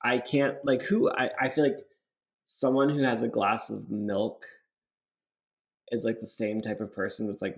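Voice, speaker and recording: A woman co-hosting a casual podcast, with a gravelly edge to her voice. She throws in dry, teasing one-liners during the chat. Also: extremely low pitch, little pitch movement, measured pace. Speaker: podcast co-host.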